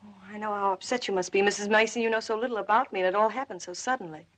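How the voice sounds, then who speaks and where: An actress playing a sweet, eager young bride in a 1930s film. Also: female voice, medium pitch, fairly even intonation, rapid-fire, a bit bright, natural voice. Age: young adult.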